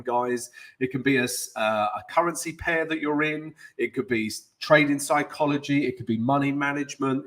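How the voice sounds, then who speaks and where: Chatty man with a cold hosting a trading stream. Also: a little high. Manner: chatty and upbeat, greeting viewers by name; self-mocking, ad-libbed asides. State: has a cold. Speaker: forex trading host. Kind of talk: livestream trading talk and chart walkthrough.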